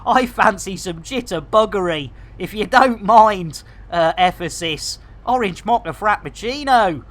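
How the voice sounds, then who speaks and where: Speaking with a Barnsley, Yorkshire accent, this middle-aged English man keeps up jokey, catchphrase-heavy chatter during a live gameplay stream. His high voice is expressive and fairly bright, and he talks a little slowly.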